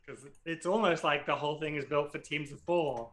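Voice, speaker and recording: A man's voice: a little high, brisk, fairly bright tone. A man narrating as game master in a casual way, with frequent ums and likes.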